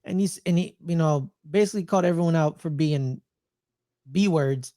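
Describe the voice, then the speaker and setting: A man co-hosting a casual TV review podcast, talking in a lively, teasing way and acting out scenes. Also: on the high side, normal speed, dry recording, studio quality. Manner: animated, teasing, acts out scenes. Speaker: podcast co-host.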